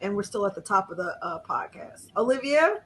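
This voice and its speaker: A woman's voice: mid-range voice, sing-song, a little fast. A woman co-hosting a podcast, teasing her friends in a sassy, casual way. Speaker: podcast co-host. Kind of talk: casual chat among friends.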